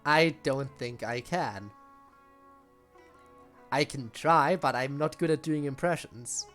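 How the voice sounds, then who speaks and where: A woman streamer chatting casually while playing a game, self-deprecating and quick to laugh. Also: a bass voice, a bit bright. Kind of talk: casual gaming stream chat. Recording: faint game music behind.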